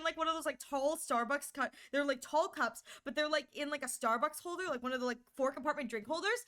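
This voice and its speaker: Young woman streamer, high-pitched, chatty and animated, squealing as she tells stories. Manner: animated storytelling with squeals and many "like"s. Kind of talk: casual chat.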